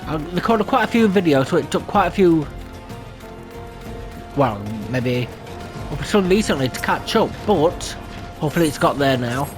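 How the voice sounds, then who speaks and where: A man hosting his own gaming channel, talking casually over gameplay in a chatty, self-deprecating way. His voice sits fairly high and moves around a lot in pitch. Soft game music plays underneath. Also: expressive, normal speed, long pauses. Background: faint game music.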